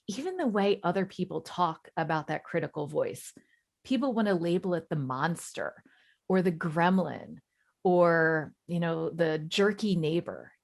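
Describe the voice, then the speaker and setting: A woman in her forties, a coach giving a webinar talk in a warm, reassuring, conversational way. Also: on the low side. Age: 40s.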